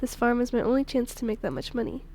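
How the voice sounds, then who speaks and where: Woman streamer voicing a desperate young mother, high voice, self-pitying and resentful. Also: very animated, fast, dark tone. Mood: weary.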